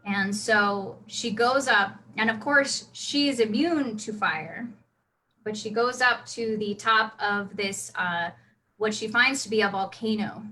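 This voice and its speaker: A woman's voice: medium pitch, slow pace, sharp tone, a little hiss or hum, rough recording. A woman casually telling her role-play character's backstory, chatty with many restarts. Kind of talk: casual storytelling.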